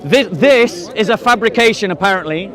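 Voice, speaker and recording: Speaking at normal speed in a high, animated voice, this man debates a crowd outdoors in a park while onlookers gather. The street debater presses hard with pointed questions, challenging and mocking those who oppose him.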